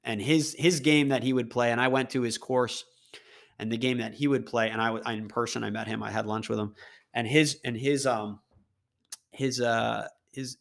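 A man with a gravelly, mid-pitched voice hosts a solo podcast. He talks casually and loosely, often restarting his sentences and repeating words as he goes. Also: a bit bright. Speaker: podcast host.

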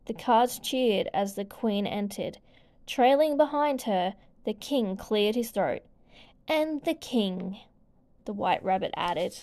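A woman reading a children's storybook aloud as narrator, gentle and clear. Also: mid-range voice, measured pace.

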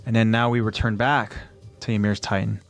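A man narrating an anime recap casually, in an animated way that keeps jumping ahead. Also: on the low side. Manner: animated, quick to jump ahead, loose fillers.

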